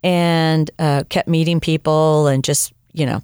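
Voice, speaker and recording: Low-voiced woman telling her story. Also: measured pace, clean tone, no room sound, studio quality. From United States. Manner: animated storyteller, acts out quoted dialogue. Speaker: interview guest. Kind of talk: personal testimony in conversation.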